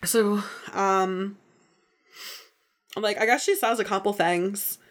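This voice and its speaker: A woman talking through a TV episode on a podcast, chatty and easily excited. She peppers her talk with "like" and slips into quick impressions of the characters. Her voice sits at an ordinary middle pitch. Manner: chatty and excitable, heavy use of "like", acts out characters' lines. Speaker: podcast host. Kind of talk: casual TV episode recap.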